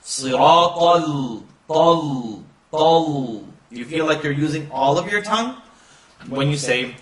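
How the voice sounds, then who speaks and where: A man's voice: on the high side, expressive, a bit bright, roomy sound, distant mic. A man teaching pronunciation of a recited text, drawing out each syllable and chanting phrases as he demonstrates. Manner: slow drawn-out demonstration of sounds, chanting recitation. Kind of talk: pronunciation lesson.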